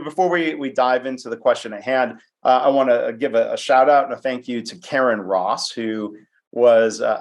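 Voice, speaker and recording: Chatty male podcast host. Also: mid-range voice. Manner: chatty, self-deprecating, many fillers. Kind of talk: conversational interview.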